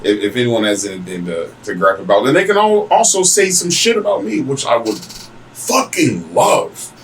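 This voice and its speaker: A man hosting a podcast, telling stories casually in a crude, mocking, animated way. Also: medium pitch, slight background noise, low-quality recording. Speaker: podcast host. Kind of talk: casual profane storytelling.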